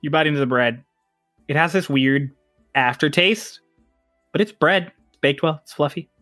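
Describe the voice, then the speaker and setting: A man's voice: on the high side, normal speed, pushed and bright, dry recording, clean studio sound, faint music behind. A man narrating as game master in a casual tabletop session, laughing often and swearing freely.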